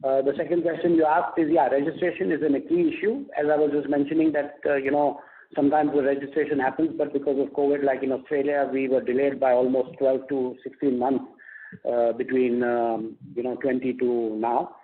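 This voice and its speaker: A male company executive with an Indian English accent answering analysts on an earnings call, halting and full of fillers and restarts. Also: medium pitch, level tone. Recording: tinny phone line.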